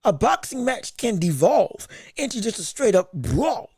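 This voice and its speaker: A man hosting a livestream fight commentary podcast, excitable and emphatic, talking in casual slang and repeating himself for emphasis. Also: high-pitched, unhurried, slightly rough, dry recording, clean studio sound. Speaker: podcast host.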